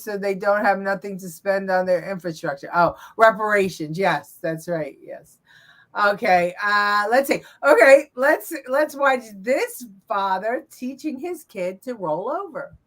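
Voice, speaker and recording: A woman's voice: medium pitch, animated, a little slow, a bit bright. A woman co-hosting a show, chatting casually about viral videos, laughing often and trailing off with fillers. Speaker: co-host reacting to viral videos. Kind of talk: casual chat.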